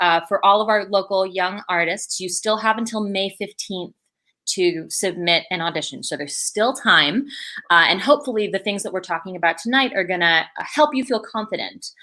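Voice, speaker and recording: A woman's voice: lowish voice, sharp tone. A woman, an associate director, chatting casually in an online video, with many fillers and laughs. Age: adult.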